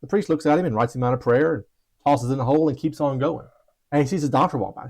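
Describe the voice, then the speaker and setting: A man's voice: mid-range voice, fast, darkish tone. A man coaching traders, giving an earnest motivational talk with storytelling and some stammered restarts. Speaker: trading coach.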